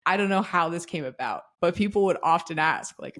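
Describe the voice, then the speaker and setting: A woman's voice: fairly low pitch, moderate pace. A woman from Austin, Texas, co-hosting a podcast in casual chat, talking loosely with lots of "like" fillers. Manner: chatty, many "like" fillers. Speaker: podcast co-host.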